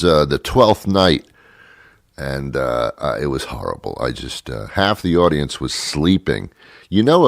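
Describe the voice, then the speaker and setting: A male talk host rants in a rambling, exasperated comic monologue, stumbling over restarts as he goes. His voice is deep and his delivery unhurried, recorded close and dry. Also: no echo. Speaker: radio show host. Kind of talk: comedic monologue rant.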